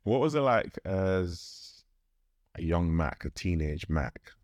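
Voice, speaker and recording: A man's voice: low-pitched, animated, takes it slowly, a little mellow, no room sound, clean studio sound. A man hosting a podcast interview, asking upbeat, teasing questions. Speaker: podcast host. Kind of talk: conversational interview. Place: podcast booth.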